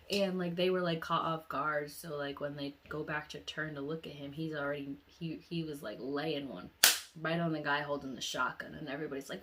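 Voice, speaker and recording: Low-voiced woman retelling a nightmare. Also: brisk. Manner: animated storyteller, acts out quoted voices with sudden high pitch jumps; drops to a soft, low murmur when reflecting. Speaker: vlogger. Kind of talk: casual dream retelling.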